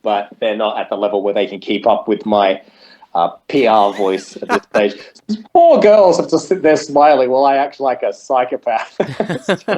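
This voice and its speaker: A man chatting as a podcast guest, animated and laughing often, now and then jumping into a high shouted promo voice. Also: moderate pace. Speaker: podcast guest, metal singer. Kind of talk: casual chat. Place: in Japan, remote call.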